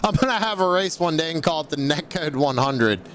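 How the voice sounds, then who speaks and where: A man calling a live sim race as play-by-play commentator, excitable and quick to laugh and joke with viewers. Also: on the high side, a little hiss or hum. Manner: excitable, laughs easily, jokes with chat. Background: race car engine sounds from the sim.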